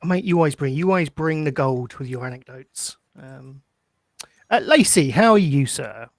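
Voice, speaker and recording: A man's voice: a little high, expressive, normal speed, no echo, clean studio sound. An Essex man hosting a casual podcast chat, musing aloud and asking questions. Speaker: podcast host.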